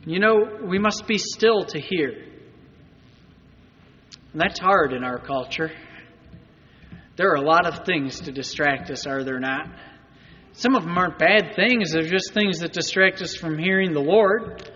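A pastor delivers a sermon a little slowly, pausing often, in a high voice with a sharp edge. Talking conversationally, he keeps asking his congregation rhetorical questions, while the muffled sound rings with long reverb through the church.

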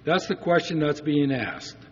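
His voice is fairly high and slightly rough, and he speaks without hurrying. A pastor giving an earnest sermon, he asks the congregation rhetorical questions, heard through a dull recording with long church reverb.

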